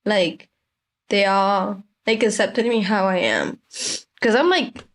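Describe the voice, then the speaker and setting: A woman's voice: medium pitch, slow pace. A teenage girl as a guest on a talk show, speaking casually with many fillers like "like" and "damn.". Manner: casual, heavy use of "like" and "damn". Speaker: youth guest. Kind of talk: casual conversation.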